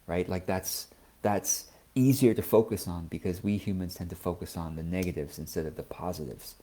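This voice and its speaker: A man giving a gentle, thoughtful talk as a spiritual teacher, often checking in with the listener. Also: sits low, moderate pace. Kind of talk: reflective personal talk.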